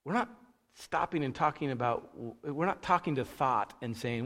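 A man preaching a conversational sermon, casual and animated, acting out the thoughts he quotes. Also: on the high side, a little fast. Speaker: pastor. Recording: long reverb of a large hall.

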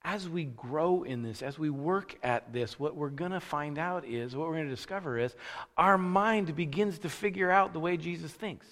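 A man preaching a conversational sermon, casual and animated, acting out the thoughts he quotes. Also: fairly high pitch, normal speed. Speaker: pastor. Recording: long reverb of a large hall.

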